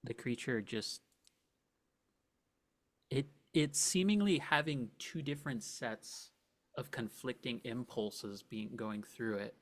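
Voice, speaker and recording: Male game master narrating a tabletop scene, restarts often, mid-pitch voice. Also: takes it slowly. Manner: describing scenes with frequent restarts.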